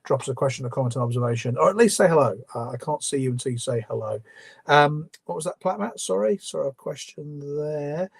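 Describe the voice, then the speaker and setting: A man's voice: fairly high pitch, expressive, fairly quick, gravelly, slightly rough. A man hosting a live stream, reading viewer questions and answering with opinionated, conversational commentary full of ums and restarts. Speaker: livestream host.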